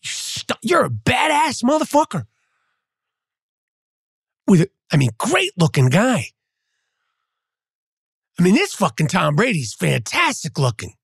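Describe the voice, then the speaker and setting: A man's voice: high voice, wildly swooping pitch, unhurried, creaky, pauses often, a bit bright, husky, no room sound, studio quality. A male podcast host delivering a profane, mocking sports rant. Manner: profane, mocking, trash-talking.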